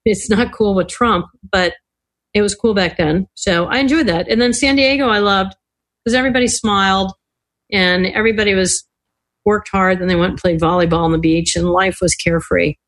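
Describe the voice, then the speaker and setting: A somewhat bright, medium-pitched voice with fairly even intonation belongs to an older woman speaking at a moderate pace. As a guest in a casual storytelling podcast interview, she laughs a lot and dramatizes the voices she quotes.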